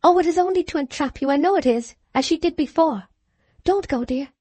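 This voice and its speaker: A woman reading an audiobook, voicing an anxious, jealous young woman who pleads in high, distraught tones. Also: fairly quick, warm tone, no echo, close to an everyday voice. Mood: plaintive. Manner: plaintive, distraught.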